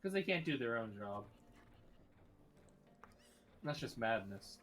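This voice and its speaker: A man's voice: mid-range voice, very animated, takes it slowly, a bit bright, a little hiss or hum. A man joking around in casual commentary over a friend's gameplay.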